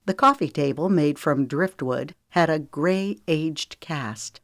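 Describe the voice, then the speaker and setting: A woman narrating a romance audiobook in a calm, measured way. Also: sits low, dry recording, clean studio sound. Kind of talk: scripted narration.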